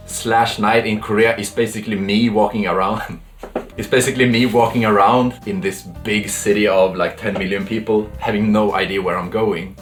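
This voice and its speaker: Laughing young Swedish man telling stories. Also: lowish voice. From Sweden. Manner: laughing, animated storyteller, mimics voices in quotes. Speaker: podcast co-host. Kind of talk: casual storytelling chat.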